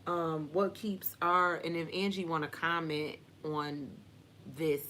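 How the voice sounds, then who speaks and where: Low-voiced woman chatting candidly. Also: little pitch movement, slow, fairly bright tone, slight background noise. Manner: candid and chatty, with frequent "like" and slang. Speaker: host of a live Q&A. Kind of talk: casual live Q&A chat.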